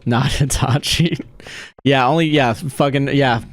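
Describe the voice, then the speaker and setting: A man's voice: medium pitch, a little slow, slight background noise. A man livestreaming a game, chatting casually in a rambling, profane way and laughing often. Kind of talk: casual chat while streaming a game.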